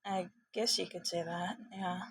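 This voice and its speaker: A woman voicing a shy, brainy young male mutant turtle in a fan fiction reading, talking softly and modestly with hesitant pauses. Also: on the low side, steady tone, slight background noise. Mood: shy, gentle.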